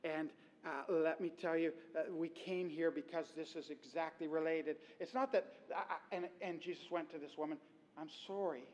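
A man with a fairly high voice preaches a sermon. He talks in a chatty, lively storytelling way. His voice rings with the long reverb of a large hall. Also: normal speed, highs cut off. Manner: conversational, animated storytelling. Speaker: pastor.

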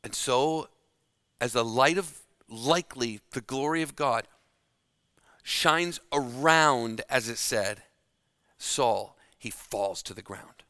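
A man preaching a sermon, slow and dramatic, dropping to a hush to stress key words. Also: mid-range voice, no room sound, clean studio sound.

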